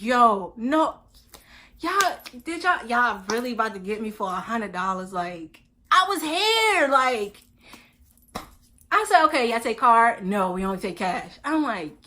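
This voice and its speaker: A woman's voice: high-pitched, pushed and bright. A woman in her twenties telling a storytime vlog in a casual, slangy way, acting out both sides of each conversation. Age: 20s. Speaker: vlogger.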